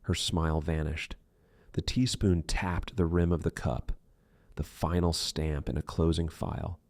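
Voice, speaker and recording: A man reading an audiobook thriller in measured, dark scripted narration. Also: very deep voice, level tone, no room sound, studio quality.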